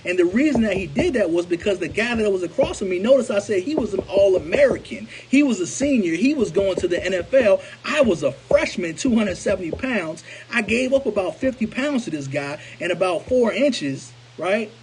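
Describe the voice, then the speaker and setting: A man telling a personal story to his viewers in an animated, conversational way, often repeating himself for emphasis. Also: high-pitched, a little fast, few pauses, low-quality recording. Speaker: motivational speaker. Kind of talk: storytelling to camera.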